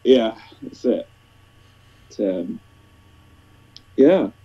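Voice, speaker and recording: A chatty man with a Northern English accent, his voice sitting fairly low. He wanders through the conversation in a relaxed, friendly way. The audio sounds dull and lo-fi. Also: drawn-out words, breathy edge. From northern England. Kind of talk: casual chat.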